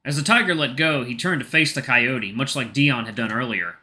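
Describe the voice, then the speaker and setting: A man's voice: medium pitch, fairly quick, bright, forceful tone. A man reading a story aloud for a video, casual and self-correcting, with asides. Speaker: narrator and uploader.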